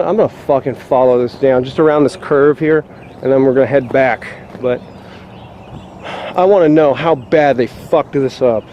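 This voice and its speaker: A man's voice: a little high, mellow, a little hiss or hum. A man vlogging on a walk outdoors along a rural trail, ranting and swearing in exasperation. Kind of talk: walk-and-talk vlog rant.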